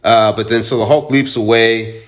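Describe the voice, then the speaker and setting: A man's voice: on the low side, steady tone, normal speed. A man who owns a comic shop, casually recapping a comic book in a rambling, profane, chatty way. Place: own store in Houston.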